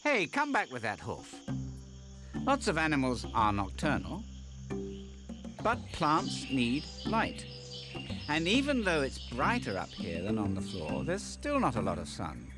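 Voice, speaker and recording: A man's voice: medium pitch, wildly swooping pitch, measured pace. A man giving scripted comedic narration for a nature documentary, with playful joking asides. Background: music.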